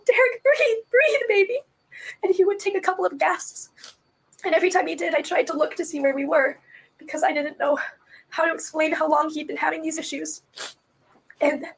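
A woman, a mother, recounting events in a recorded police interview, distraught and soft-voiced, her voice often breaking into tears. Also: high-pitched, low-quality recording. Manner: soft-voiced, quiet when upset. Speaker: mother being questioned by police.

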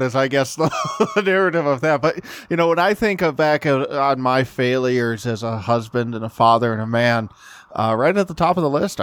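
A man's voice: mid-range voice, clear, resonant tone, no room sound. A man co-hosting a podcast, chatting casually and joking at his own expense, often laughing as he talks. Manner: self-deprecating, laughing. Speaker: podcast co-host. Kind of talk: casual chat.

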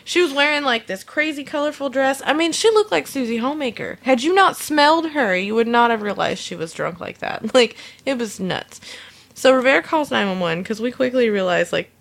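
A woman tells a funny story about a day at work in a relaxed, chatty way. She is animated and acts out the people she quotes. She laughs often as she goes. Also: on the high side, a little fast, gravelly. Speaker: storyteller recounting a work incident. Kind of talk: casual anecdote.

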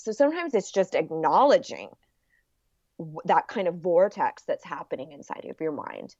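A woman's voice: fairly low pitch, very animated, moderate pace, a little mellow, no room sound. Woman explaining in a dull, lo-fi recording. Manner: earnest and explanatory, acts out quoted inner voices. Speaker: guest. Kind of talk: casual conversational interview. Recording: dull lo-fi sound.

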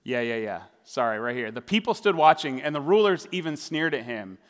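A man's voice: medium pitch, lively intonation, fairly quick, long reverb tail. A man preaching a sermon as pastor, talking in a conversational way with fillers and tag questions.

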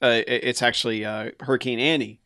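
A man co-hosting a casual podcast, calmly recapping a movie scene. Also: medium pitch, fairly quick, no echo, clean studio sound. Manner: laid-back, lots of quiet backchannel agreement. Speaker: podcast co-host.

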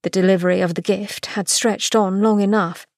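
A woman giving a scripted, expressive narration of a romance novel excerpt. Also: medium pitch, normal speed, dry recording, clean studio sound. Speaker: podcast host reading a novel excerpt.

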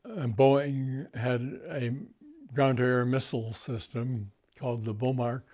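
An older man being interviewed, recalling past events slowly, with frequent fillers and restarts. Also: medium pitch, steady tone, darkish tone. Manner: halting, many fillers and restarts. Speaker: interview guest.

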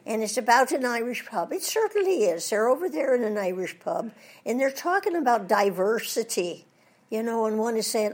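Very animated and pitched fairly high, the husky-voiced older voice actress moves at a moderate pace while telling interview anecdotes. She drops into British voices for her jokes.

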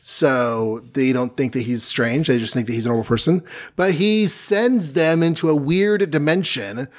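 Male podcast co-host, mid pitch, relaxed offhand comic recaps. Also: moderate pace. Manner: recaps stories loosely, with offhand asides. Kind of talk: casual chat.

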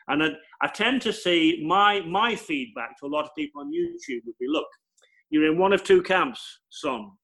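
A man who works as a television presenter, explaining his craft in an emphatic, animated way during an interview. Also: fairly high pitch, rough recording. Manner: animated, emphatic storytelling with repeated phrases. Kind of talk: conversational interview answers.

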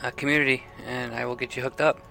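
Gravelly, bright-voiced man. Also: mid-range voice, little pitch movement, soft background music. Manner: brisk, helpful, keeps things moving. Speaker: podcast co-host. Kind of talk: casual gaming podcast chat, reading listener email.

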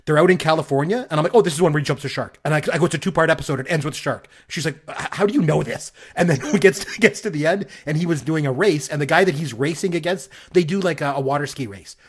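Man from Canada, middle-aged, husky voice, quick delivery, rambling excited storytelling. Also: a little high. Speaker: podcast co-host. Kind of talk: casual chat.

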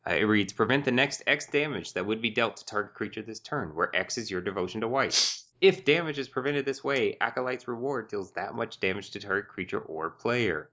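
Male podcast host, lowish voice, bright tone, joking and casual, dull lo-fi sound. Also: animated, brisk. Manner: joking, laughs often, reads out listener email.

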